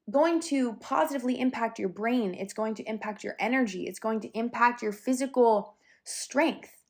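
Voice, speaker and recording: A young woman hosting a solo podcast, talking casually and candidly, with fillers and the odd swear word, a little out of breath. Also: sits high. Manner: chatty and candid, with some swearing and lots of fillers. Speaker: podcast host.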